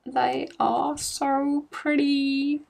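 A woman's voice: high voice, little pitch movement, extremely slow, gravelly, a little mellow. Chatty woman rambling about yarn. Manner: chatty and rambling, self-mocking. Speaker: craft podcast host. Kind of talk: casual chat to camera.

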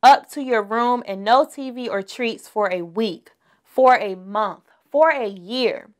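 Loud scolding papa bear in a storybook, read by a woman, slow and blustery. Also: medium pitch, lively intonation, natural voice. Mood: angry. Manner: roaring, scolding.

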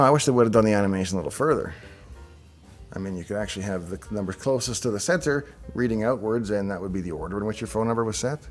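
A middle-aged man hosting a show, casually thinking aloud as he reacts to on-screen designs with chatty asides. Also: fairly low pitch. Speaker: show host reviewing software designs.

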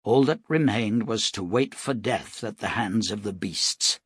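A man narrating an audiobook in a steady, measured storytelling voice. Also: lowish voice, breathy edge, no room sound, clean studio sound.

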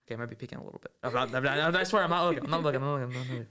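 A man's voice: medium pitch, sharp tone. Joking, teasing young male podcast host. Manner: joking, teasing, repeats himself rapidly. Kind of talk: casual playful interview chat.

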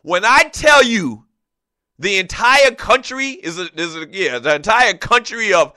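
A man hosting a casual sports talk show, telling long, rambling stories in an animated, joking way. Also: sits high, measured pace, dry recording.

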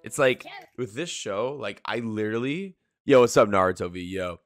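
Animated low-voiced young man reacting. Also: normal speed. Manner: swears a lot, says bro and like. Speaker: anime reaction host. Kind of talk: casual live reaction commentary.

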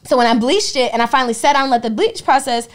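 A young adult woman co-hosting a podcast, telling stories in a profane, animated way and acting out the voices of the people in them. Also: sits high, quick pace. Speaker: podcast co-host. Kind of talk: casual podcast storytelling.

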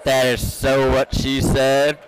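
A man's voice: mid-range voice, monotone, slow, a faint crowd, a little hiss or hum, rough recording. A teenage boy hosting a goofy casual chat with friends, using a playful mock-announcer delivery and a handheld mic outdoors. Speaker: host. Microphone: handheld mic passed around.

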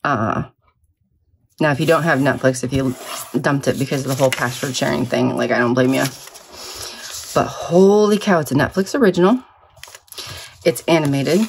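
A woman's voice: low-pitched, a little slow, gravelly, pauses often, slight background noise. A middle-aged woman in a sleepy early-morning mood, rambling chattily and self-deprecatingly while she crafts. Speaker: vlogger.

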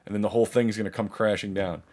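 A man's voice: fairly low pitch, quick pace. A man vlogger telling a story in a rambling, profane way, full of restarts. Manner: animated, acts out others' voices. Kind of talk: casual storytelling.

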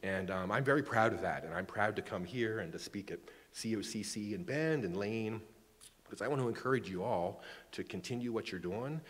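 Chatty lower-voiced man lecturing in a hall. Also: expressive, brisk, breathy edge. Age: 40s. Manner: chatty, self-joking, many restarts. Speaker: astronomy lecturer. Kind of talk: public lecture. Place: lecture room.

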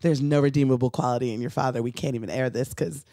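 A middle-aged woman, a comedian guest, telling a personal story on a podcast in a lively way, often acting out the other people in her story and laughing. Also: a bass voice, fast, dry recording, clean studio sound. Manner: animated, acts out quoted voices, laughs often.

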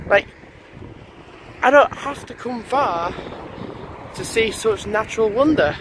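Slow-talking man, higher voice, rambling walk-and-talk vlogger, wind and road traffic behind. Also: expressive. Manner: rambling, thinking aloud. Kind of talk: casual walking vlog chat. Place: outdoors on a lane by a busy road. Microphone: handheld camera while walking. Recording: wind and traffic noise outdoors.

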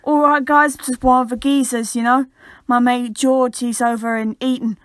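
A cocky, swaggering royal boy who talks like a geezer, as a woman puts him on in a dry, close podcast recording. The voice sits fairly high and comes out loud and blokey. The jokey swagger never drops. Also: level tone, normal speed, dry recording, close to an everyday voice. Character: cheeky boy royal baby talking like a laddish geezer.

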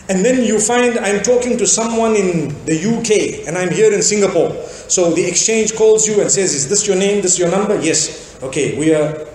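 High-voiced preacher in an echoey hall. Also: male voice, darkish tone, a little hiss or hum. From Zimbabwe. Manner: storytelling with acted-out dialogue. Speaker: Islamic preacher. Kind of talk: sermon.

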